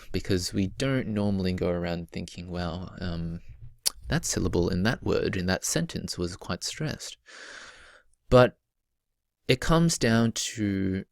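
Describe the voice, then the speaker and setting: Man, very deep voice, dry recording, teacher, explanatory, stretches example words. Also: expressive, measured pace, gravelly, no echo. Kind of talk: recorded poetry lesson.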